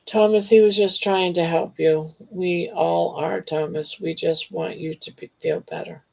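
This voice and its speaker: Hoarse, gravelly older woman. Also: fairly low pitch, steady tone, unhurried. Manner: gentle, reassuring. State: hoarse, losing her voice. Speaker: livestream host. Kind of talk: casual chat reading viewer comments. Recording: dull lo-fi livestream audio.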